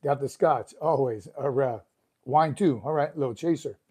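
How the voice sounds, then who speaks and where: A man's voice: mid-range voice, normal speed, warm tone, breathy edge. A man hosting a live stream, chatting casually and greeting viewers one by one as he reads their comments. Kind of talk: casual livestream chat reading comments. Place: room at home.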